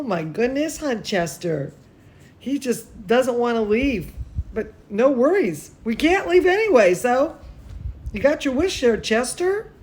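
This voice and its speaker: A young woman teaching dance, chatting gently and playfully with children and a puppet at story time. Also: fairly high pitch, a little hiss or hum. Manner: sing-song, gentle, talking to a puppet. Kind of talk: casual chat with children online. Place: home.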